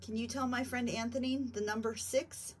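A woman investigating a haunted house, asking the spirits slow, patient and coaxing questions from a basement. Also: a little high, steady tone, breathy edge. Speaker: paranormal investigator. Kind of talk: questioning spirits in a ghost hunt.

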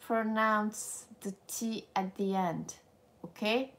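Animated French-accented woman teaching live. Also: fairly high pitch, slow pace. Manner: animated, playful, laughs often, slips into French. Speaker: language teacher. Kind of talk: live-streamed language lesson.

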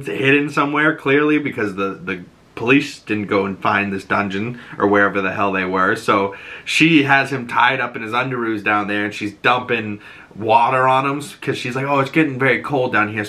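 A man hosting a podcast, recapping a TV episode in a casual, animated way, laughing and swearing often. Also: on the low side. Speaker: podcast host.

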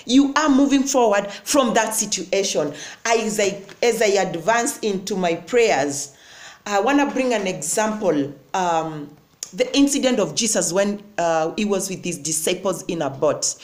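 A woman's voice: mid-range voice, roomy sound. A woman preacher, giving a sermon, reading scripture, then declaring and commanding with repeated phrases. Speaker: prophetess preacher.

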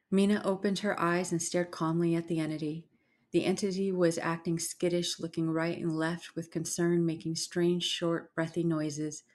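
A woman narrating a horror story in a hushed, dramatic way, slipping into whispers. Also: low voice.

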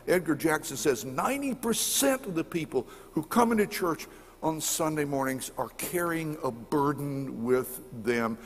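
A middle-aged male preacher delivers a storytelling sermon with a husky edge to his voice. His words ring out through a church sanctuary with a long, lingering reverb. He pushes up into emphatic peaks and then sinks low, repeating words for weight. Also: lively intonation, unhurried.

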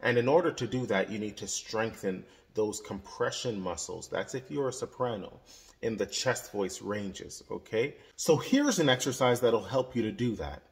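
A man's voice: on the low side, animated, normal speed. A man teaching a singing lesson as a voice coach, explaining exercises and demonstrating vowels. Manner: instructive, demonstrating sung vowels and yodels.

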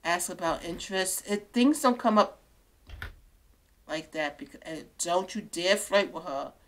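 A woman commenting on a life-sim game she is playing, excitable and gushing, often laughing. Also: on the low side, a little slow, a little hiss or hum. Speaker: gaming creator. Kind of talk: let's play commentary.

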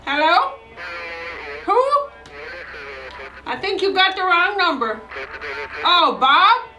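An actress playing a rude, gum-chewing small-town store clerk who talks in a rough folksy drawl. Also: female voice, extremely high pitch, very animated, takes it slowly, bright, forceful tone, faint music behind, heavily acted, poor audio. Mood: cranky. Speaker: small-town shopkeeper and radio dispatcher. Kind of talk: comedic film acting.

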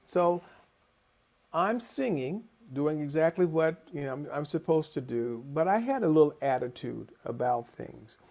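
Slow, gravelly man lecturing. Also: on the high side. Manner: animated storyteller, acting out quoted voices. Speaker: choral conductor and lecturer. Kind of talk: conference lecture with personal storytelling.

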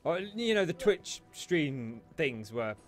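Teasing male let's-play host, bright and bouncy, over game music. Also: fairly high pitch, sing-song, takes it slowly. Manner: teasing, playful banter. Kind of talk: casual co-op gameplay chat.

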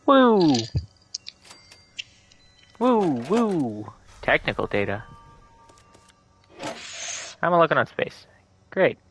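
A man chatting casually and swearing while playing a co-op game, jokey and excitable. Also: fairly high pitch, very slow, long pauses, faint music behind. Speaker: streamer playing co-op. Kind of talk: casual gaming chat.

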